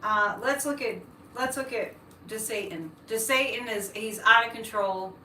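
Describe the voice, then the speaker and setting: Woman, high bright voice, chatty ranting livestream host, echoey room, mic a bit far. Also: unhurried, a little hiss or hum. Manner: chatty, ranting political asides. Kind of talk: live-stream chat, reading comments.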